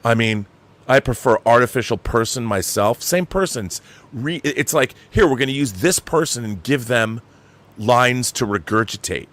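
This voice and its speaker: A man's voice: mid-range voice, animated, normal speed, fairly bright tone. Guy on a live movie podcast getting all heated and swearing, voice jumps up and down a lot. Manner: heated, profane complaining.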